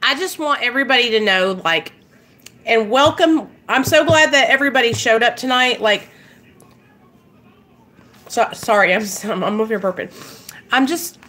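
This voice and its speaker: Candid woman, bright voice. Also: on the high side, lively intonation, normal speed, long pauses. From Arkansas, US. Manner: emotional, candid, talks to viewers directly with frequent fillers and swearing. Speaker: recovery vlogger hosting a live stream. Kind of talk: casual live stream chat.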